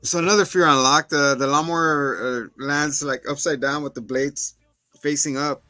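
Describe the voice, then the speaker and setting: A man's voice: a little high, fairly even intonation, normal speed, pushed and bright, no room sound. A man co-hosting a casual movie review podcast, animatedly acting out scenes in little voices. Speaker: podcast co-host.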